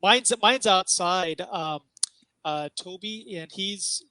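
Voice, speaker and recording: A man with a high, bright voice hosts a casual chat over a video call. His delivery is loose and full of laughs, and he acts out little scenes, like what his dog is thinking. The sound is close and dry. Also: slow pace, dry recording. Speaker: host.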